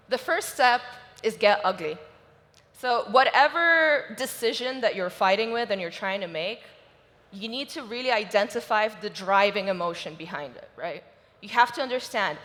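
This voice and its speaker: A woman tells a personal story to a conference audience, emotional and frank. Her voice sits a touch high. The sound carries a long reverb from a large hall. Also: animated, moderate pace, a bit bright. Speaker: conference speaker. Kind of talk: motivational stage talk.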